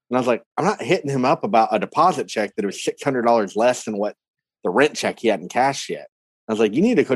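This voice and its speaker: A man's voice: medium pitch, no echo. A man telling a story in a casual podcast chat, laughing often and swearing freely as he acts out his own reactions. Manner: laughing, animated retelling, profane. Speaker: podcast co-host.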